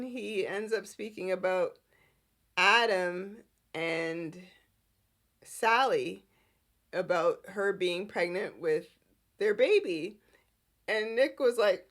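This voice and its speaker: A woman hosting a podcast and recapping a soap opera in casual, animated chat with frequent giggles. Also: mid-range voice, slow pace, pauses often. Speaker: podcast host.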